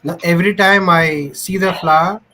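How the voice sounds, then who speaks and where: A man's voice: high voice, fairly even intonation, normal speed, background noise. A man joining a casual talk show with short remarks and laughs. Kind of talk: casual chat.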